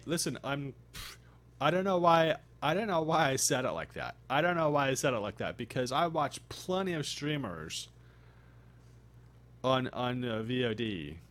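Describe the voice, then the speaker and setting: Tired guy streaming from home, lots of restarts, lively up-and-down voice. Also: medium pitch. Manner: rambling, halting, many restarts and fillers. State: tired and groggy. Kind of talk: casual live-stream chat.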